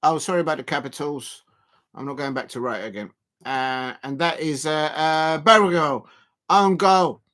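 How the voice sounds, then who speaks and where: A man commentating live on a football match for his stream, rambling with many fillers and breaking into excited shouts at chances. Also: mid-range voice, normal speed. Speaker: football watch-along streamer.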